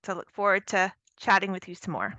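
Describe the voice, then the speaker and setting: Woman audiologist, bright and smooth, steady and informative, dry sound. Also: mid-range voice, fairly quick, no echo. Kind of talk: panelist introduction. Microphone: video call.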